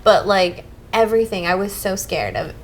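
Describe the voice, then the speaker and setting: A woman's voice: medium pitch, moderate pace, slight background noise, rough recording. A young woman co-hosting a casual podcast chat about new motherhood, talking freely with many fillers and acting out her own past thoughts. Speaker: podcast co-host.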